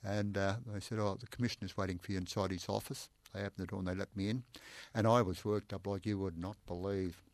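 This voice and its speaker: An older Australian man recounts his police days in an animated, anecdotal style, stacking "I said" on top of each other and laughing as he goes. His voice sits fairly low, and the sound is dry and close. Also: fast talker, hardly any pauses, no echo. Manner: animated, repeats "I said" often, laughs while telling. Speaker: interview guest, former police inspector. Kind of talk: anecdotal storytelling in conversation.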